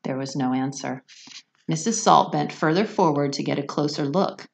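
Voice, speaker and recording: A woman teacher reading a children's novel aloud, expressive and pausing to explain words to her listeners. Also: sits low, vocal fry.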